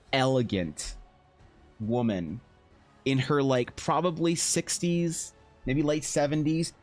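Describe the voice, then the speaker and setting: A young man streaming, telling rambling stories in casual chat with lots of restarts and swearing. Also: fairly high pitch.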